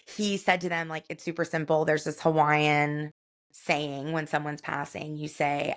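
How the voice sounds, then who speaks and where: A woman with a slightly low voice shares a personal family story as a podcast co-host. She speaks softly and reflectively, with plenty of casual fillers between her thoughts. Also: level tone, unhurried. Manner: soft and reflective, with many fillers like "like" and "you know".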